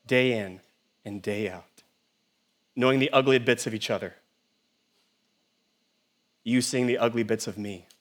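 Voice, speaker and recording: A middle-aged man, a pastor, preaching an animated sermon, swinging between loud and hushed and asking the congregation many rhetorical questions. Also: medium pitch.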